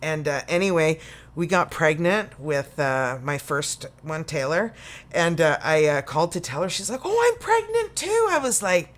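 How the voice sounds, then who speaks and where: Canadian woman tarot reader, a touch low-pitched, folksy and chatty, lots of "you know" and "okay". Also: expressive, moderate pace. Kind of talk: casual tarot reading to camera.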